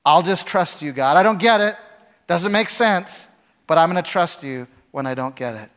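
Dramatic preaching man, slightly high voice. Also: lively intonation, normal speed. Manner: dramatic, acts out voices with big swings from shouting to hushed. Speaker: pastor. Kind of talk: sermon.

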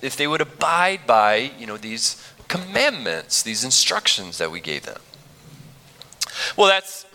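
A man's voice: fairly high pitch, sharp tone. A male pastor preaching a sermon in a church, earnest and conversational, often restarting his phrases. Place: church sanctuary. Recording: long reverb of a large hall.

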